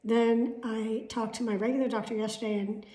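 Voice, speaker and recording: A woman's voice: a little high, little pitch movement, normal speed, warm tone, echoey room. A middle-aged woman vlogging in casual chat, telling stories bluntly with sarcasm and swearing. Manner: blunt, profane and sarcastic storytelling. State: has bronchitis.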